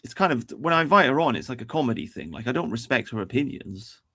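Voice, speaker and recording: A man's voice: mid-range voice, animated, fast talker, fairly bright tone. A man hosting a livestream, talking in a rambling, profane way with lots of restarts. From England. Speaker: livestream host. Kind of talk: casual livestream commentary.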